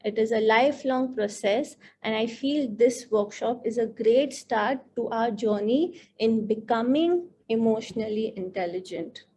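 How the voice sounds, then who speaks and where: In a fairly high but darkish voice, a woman counselor talks a little slowly with few pauses, over a faint hiss or hum. She guides a teachers' workshop with reflective earnestness, dwelling on the words that matter.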